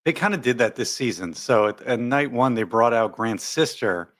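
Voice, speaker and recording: A male livestream host chats and rambles through viewer comments, laughing frequently. His mid-range voice is a bit bright, with lively intonation at a normal speed.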